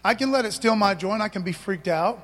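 High-voiced preacher man in a reverberant church. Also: quick pace, a bit bright. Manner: casual, conversational preaching with slang and rhetorical questions. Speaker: pastor. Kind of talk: sermon. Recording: long hall reverb.

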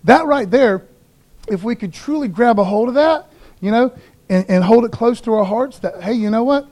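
A man's voice: high voice, darkish tone. A man preaching a casual, folksy sermon in a church, talking informally to the congregation with jokes and lots of "man" and "you know.". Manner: jokey asides to the congregation. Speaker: pastor. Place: church sanctuary.

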